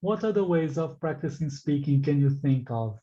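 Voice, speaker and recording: A man with a fairly high, mellow voice teaches a live class, carefully articulating each sound. He draws the students in with questions. The sound is somewhat dull and lo-fi. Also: lively intonation, slight background noise. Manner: slow, deliberately articulated teaching delivery; engaging, asks the class questions and reacts to answers. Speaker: English exam teacher.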